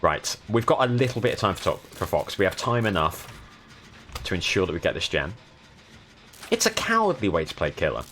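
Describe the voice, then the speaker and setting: A man's voice: sits low, sing-song, brisk, fairly bright tone, slight background noise. A young man from the south of England with a southern English accent, commentating on his live gameplay and thanking viewers as they follow. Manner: chatty, thanking viewers while playing. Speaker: streamer.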